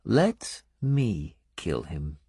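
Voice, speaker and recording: A man voicing a bleak foreign woman, slow and wary. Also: a bass voice, big pitch swings, warm tone, husky, no echo, clean studio sound, heavily acted. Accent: foreign-sounding. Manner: slow, measured, bleak delivery. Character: wary, bitter foreign woman, skeptical and grave. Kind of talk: audiobook character voice.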